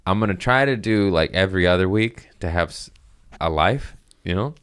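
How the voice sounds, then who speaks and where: A comedian in his thirties tells a loose, rambling story on his own podcast, stopping to laugh and to talk to his cats. His voice sits very low, and it is smooth and clear. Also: animated, moderate pace, a bit bright. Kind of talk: casual storytelling monologue.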